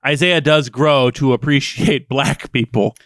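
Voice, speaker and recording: A man's voice: medium pitch, steady tone, a little slow, fairly bright tone, no echo, clean studio sound. A man co-hosting a casual book podcast, joking and laughing often while reading passages aloud. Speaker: podcast co-host.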